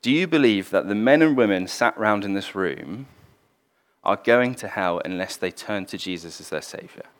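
A man voicing a male atheist club leader who asks steady, pointed questions. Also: lowish voice, moderate pace, pitched below the performer's own voice, lightly acted. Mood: probing.

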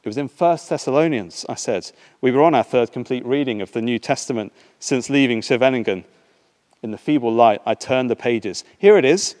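A man preaching a sermon and reading a passage aloud, in a measured, unhurried way with some halting fillers. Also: medium pitch, darkish tone. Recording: long reverb in a large hall.

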